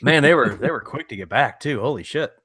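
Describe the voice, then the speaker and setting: A man's voice: medium pitch, animated, fairly quick, a bit bright, husky, no echo, studio quality. A man in his thirties co-hosting a podcast, laid-back and casually profane, laughing often. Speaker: podcast co-host. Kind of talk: casual chat.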